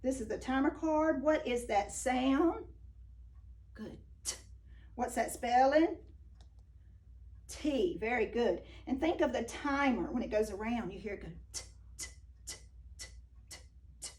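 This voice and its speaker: A woman teaching a phonics lesson to young children, speaking slowly and praising each answer. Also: on the high side, lively intonation, darkish tone, recorded from a distance.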